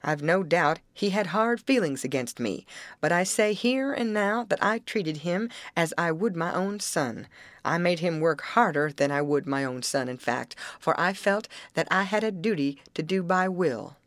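A woman reading an audiobook, voicing a grim, defensive older uncle who justifies himself gruffly. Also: on the low side, lively intonation, moderate pace, no echo, lightly acted.

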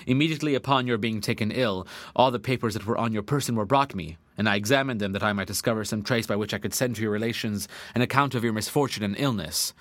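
A man voicing a kindly older male magistrate who speaks in a formal, measured, sympathetic way. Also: lowish voice, no echo, close to an everyday voice. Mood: solemn sympathy.

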